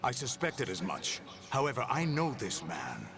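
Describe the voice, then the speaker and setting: An actor playing a commanding older male leader who speaks slowly and menacingly with a gravelly voice. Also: medium pitch, huge pitch swings, noisy background. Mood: cold menace. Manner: slow, measured, menacing.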